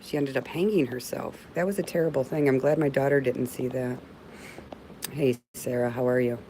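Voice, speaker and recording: Warm and heartfelt, a middle-aged woman answers viewer comments during a casual livestream chat, calling her audience babe. Her voice is very deep and her pace normal. The audio quality is poor, with a slight background noise.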